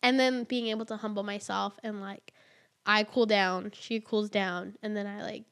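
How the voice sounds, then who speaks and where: A woman's voice: mid-range voice, steady tone, moderate pace, fairly bright tone, clean tone. A woman in her twenties, a young mother, talking earnestly and chattily as a podcast guest, with many "like"s and "you know"s. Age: 20s. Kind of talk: casual podcast conversation.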